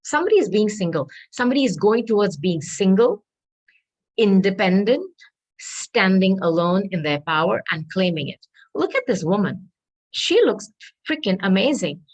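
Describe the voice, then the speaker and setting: A woman tarot reader talking her way through a reading, repeating herself and adding hedging asides, clearing her throat as she loses her voice. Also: medium pitch, big pitch swings, moderate pace, low-quality recording. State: losing her voice.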